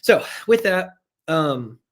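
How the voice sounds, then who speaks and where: A man's voice: fairly high pitch, big pitch swings, takes it slowly. A man leading a live online sales training. He speaks energetically, repeats his key points and talks to viewers in the chat.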